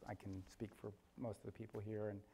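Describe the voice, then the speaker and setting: A man hosting an author interview on a theater stage, asking measured questions and giving brief friendly replies. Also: fairly low pitch, flat delivery, creaky, mellow, slight background noise. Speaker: interview host. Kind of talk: onstage interview. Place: theater stage before a live audience.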